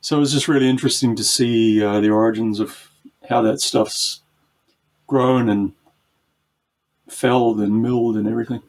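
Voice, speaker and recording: A man's voice: mid-range voice, steady tone, normal speed, pauses often, darkish tone. A man with a New Zealand accent, chatting casually as a podcast guest, with many ums and restarts. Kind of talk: casual chat.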